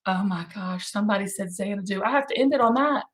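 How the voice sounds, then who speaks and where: A woman's voice: medium pitch, fast talker. A middle-aged woman hosting a casual live chat, gushing and exclamatory, now and then breaking into song. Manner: gushing, exclamatory, bursts into singing. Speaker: host.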